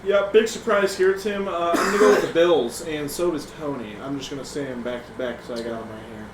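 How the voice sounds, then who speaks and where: A man's voice: on the high side, a little fast, roomy sound, far from the mic, heavy background noise. A man co-hosting a casual sports podcast, chatty and joking. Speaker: co-host.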